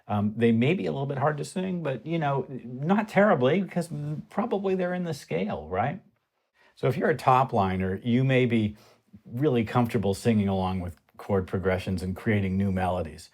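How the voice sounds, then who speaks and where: A man's voice: medium pitch, moderate pace, a little mellow. A man explaining music theory at the piano in a conversational way, often asking rhetorical questions. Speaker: music teacher. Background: piano playing.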